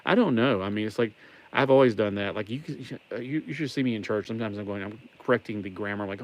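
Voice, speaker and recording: A man's voice: on the low side, expressive, fast talker, slight background noise. A man with a mild Southern American accent chatting casually as he builds a toy set on a livestream, rambling and making wordplay jokes. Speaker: livestream host. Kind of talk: casual live building chat.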